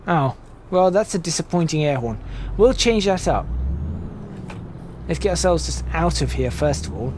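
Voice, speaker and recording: A man's voice: fairly high pitch, lively intonation, normal speed, a little mellow. Chatty man narrating his gameplay. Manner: chatty, rambling, self-correcting. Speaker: gaming channel host. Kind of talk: casual gameplay commentary. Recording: game sounds and noise behind voice.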